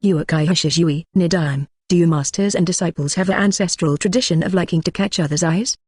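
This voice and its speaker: A text-to-speech audiobook narrator reading a web novel, speaking punctuation marks like "exclamation mark" aloud in an even delivery. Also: medium pitch, a little fast, no echo, studio quality.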